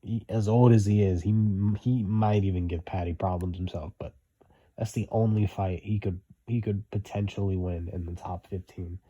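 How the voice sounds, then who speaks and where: A man's voice: sits low, fairly even intonation, normal speed, mellow, slightly rough, highs cut off. A young man giving blunt, repetitive opinion commentary, hammering his points home.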